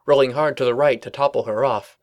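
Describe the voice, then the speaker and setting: A man's voice: medium pitch, fairly even intonation, a little fast. Man reading a storybook aloud. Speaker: reader. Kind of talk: storybook narration.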